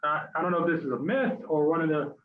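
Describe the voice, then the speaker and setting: A man's voice: fairly high pitch, fast talker, a little hiss or hum. A man moderating a panel, reading out an audience question in a plain way with a few fillers. His voice comes through a tinny, phone-like line with a roomy echo. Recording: echoey, tinny call line.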